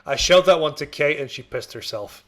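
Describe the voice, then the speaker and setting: A man's voice: a little high, animated, moderate pace, a bit bright. Rambling casual young man podcaster. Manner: rambling, swearing, chatty. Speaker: podcast co-host. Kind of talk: casual chat.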